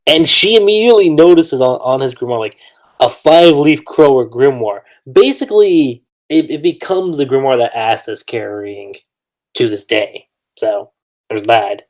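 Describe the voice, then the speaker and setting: A man hosting a casual podcast discussion, excitable, often restarting his words and laughing as he talks. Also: mid-range voice, normal speed, poor audio. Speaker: podcast host.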